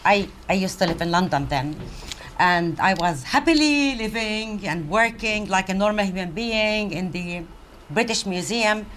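An older woman from Palestine giving a public speech, conversational and animated, with pauses and fillers. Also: mid-range voice, a little hiss or hum. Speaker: guest speaker, professor.

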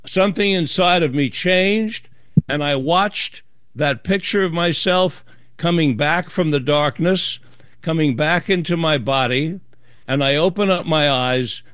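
A man's voice: a little high, measured pace, clean tone, no echo, studio quality. A man telling a story as a guest in an interview, acting out the voices of others in his tale. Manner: animated storyteller acting out dialogue. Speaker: author and guest.

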